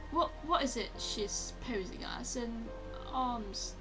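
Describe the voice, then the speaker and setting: A woman's voice: fairly high pitch, slow, over music, poor audio. A woman making short, amused remarks while watching her husband play a game. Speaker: streamer's wife, co-viewer. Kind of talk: casual chat.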